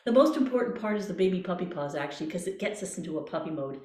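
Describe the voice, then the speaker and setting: A woman's voice: lowish voice, animated, fast, warm tone. Woman, voice coach, encouraging, playful, workshop teaching, roomy echo. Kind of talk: online voice workshop.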